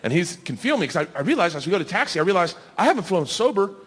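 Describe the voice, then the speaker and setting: A man in his forties telling a profane, animated stand-up story on a comedy stage into a handheld mic. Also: high-pitched, racing, slightly rough. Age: 40s. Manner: rowdy, profane, animated acting-out. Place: comedy stage before a live crowd. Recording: live club recording with noise.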